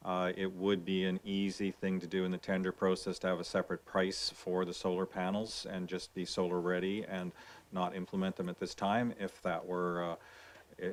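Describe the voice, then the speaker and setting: A man's voice: deep voice, monotone. A man giving formal technical answers at a council meeting, addressing the chair properly. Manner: formal, measured.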